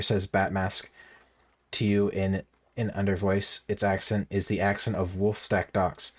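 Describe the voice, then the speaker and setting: A man streaming a game, reading its text aloud with bemused, deadpan asides. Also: fairly low pitch, moderate pace.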